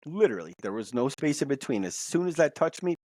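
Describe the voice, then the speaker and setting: A man's voice: on the high side, big pitch swings, brisk, darkish tone, dry recording. A man telling a personal story as a podcast guest, rambling and repeating words as he goes. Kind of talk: casual storytelling. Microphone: podcast mic.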